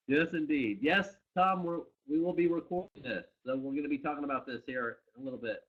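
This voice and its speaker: A man's voice: on the high side, brisk, slightly rough. A man co-hosting a live company webcast, upbeat, greeting viewers by name and location. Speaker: company co-founder hosting a live product training. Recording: dull lo-fi webcast audio.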